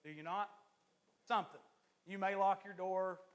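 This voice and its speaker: A man, an assistant pastor, preaching a lively, joking sermon to his church congregation. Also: high voice, moderate pace.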